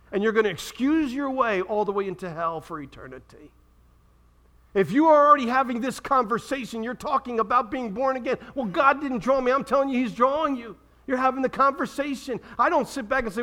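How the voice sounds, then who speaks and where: Male pastor, sermon, high-pitched, bright tone, animated delivery. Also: a little fast. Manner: animated preaching, acting out quoted voices.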